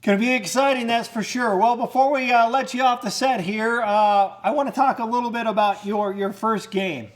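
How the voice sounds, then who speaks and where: A man with a high voice hosts a casual sports interview in a studio. He talks in an eager, conversational way. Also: steady tone, normal speed, few pauses. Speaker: show host. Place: studio set.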